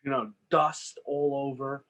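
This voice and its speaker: A man's voice: medium pitch, a little slow, poor audio. A man co-hosting a podcast, casually telling a made-up movie plot and acting out the characters' lines. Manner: animated, acts out characters' lines. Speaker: podcast co-host. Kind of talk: casual storytelling chat.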